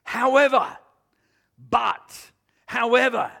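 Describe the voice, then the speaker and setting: Preaching to the congregation, the pastor builds emphatically into shouts, asking for amens and questioning the room. He speaks in a high, expressive voice at a moderate pace.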